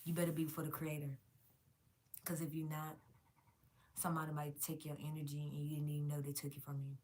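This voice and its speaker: A woman's voice: low-pitched, monotone, a little fast, darkish tone. Profane, emphatic woman vlogger. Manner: emphatic, profane, addresses viewers as y'all. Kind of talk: casual rant to viewers.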